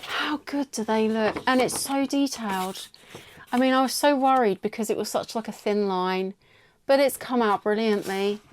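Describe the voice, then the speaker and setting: A middle-aged woman with an English accent, chatting excitably in a casual vlog. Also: a little high, moderate pace, slight background noise. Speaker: vlogger.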